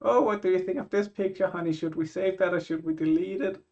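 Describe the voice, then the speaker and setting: Here is a chatty wife fussing over her holiday photos, as her husband puts her on in a high sing-song voice. The sound is slightly dull and lo-fi. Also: fairly even intonation, quick pace, a little mellow.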